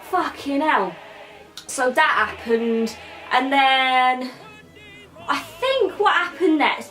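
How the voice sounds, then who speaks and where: Slangy high-voiced woman rambling crudely. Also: a bit bright. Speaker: comedy character reviewer. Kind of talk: comic film recap. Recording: distant mic, faint music.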